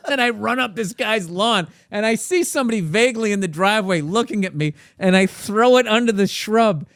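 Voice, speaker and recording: A man's voice: high voice, moderate pace, no echo, clean studio sound. A comedian guest telling a long, profane story on a podcast, laughing as he goes. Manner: profane, animated, laughs through his story.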